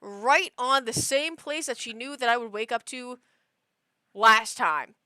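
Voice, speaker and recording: A woman livestreamer chatting casually, telling stories in an animated, exasperated way with lots of fillers. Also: fairly high pitch, measured pace, smooth, dry recording. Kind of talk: casual chat.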